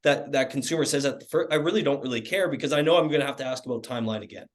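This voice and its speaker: A man's voice: mid-range voice, very fast. A Canadian man co-hosting a real estate coaching talk, casual with frequent restarts. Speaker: real estate team co-host.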